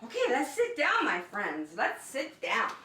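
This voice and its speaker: A woman's voice: a little high, huge pitch swings, measured pace, sharp tone, recorded from a distance. A woman leading an online circle time for young children from her home, in cheerful, sing-song teacher talk. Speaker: preschool teacher. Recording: echoey room, voice off-mic.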